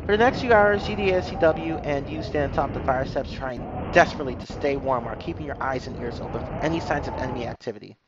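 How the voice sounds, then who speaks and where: A man's voice: mid-range voice, fast, hardly any pauses. A man streaming himself reading a text war game aloud, joking and swearing between passages, on a muffled noisy recording. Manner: jokey, animated, swears, reads narration aloud. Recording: muffled lo-fi with loud hiss.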